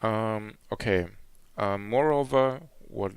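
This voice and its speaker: A man's voice: fairly low pitch, takes it slowly, clear, resonant tone, no room sound. A man giving a live coding demo at a conference, talking hesitantly with many fillers and restarts. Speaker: conference speaker. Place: conference hall.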